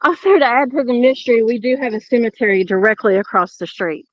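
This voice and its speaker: A woman's voice: a little high, fast talker, lo-fi sound. A woman with a Southern US accent giving a casual walking tour outdoors, talking while she films on her phone. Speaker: tour guide.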